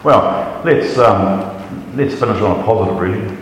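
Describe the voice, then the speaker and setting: A man's voice: on the low side, unhurried, a little hiss or hum. A man preaching a sermon, talking in a conversational way and often repeating words as he restarts. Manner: conversational, repeats words when restarting, acts out doubters' voices. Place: large echoey hall. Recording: echoey hall with long reverb.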